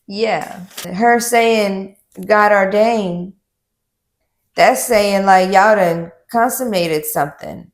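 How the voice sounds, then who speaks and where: A woman co-hosting a reaction show, mostly agreeing in short replies and adding the odd slow aside. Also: mid-range voice, echoey room. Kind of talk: casual reaction chat.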